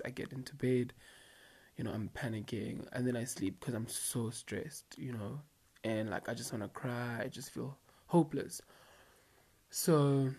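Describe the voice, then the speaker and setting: Young man, casual storytime vlog, slangy, rambling, filler-heavy, mid-pitched. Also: a little mellow. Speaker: vlogger.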